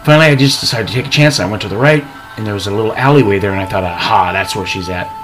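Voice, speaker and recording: Brief: man, low register, deadpan comic storyteller, rambling delivery, clear music bed under the voice. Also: very fast, rough recording. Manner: rambling, builds to a prank punchline.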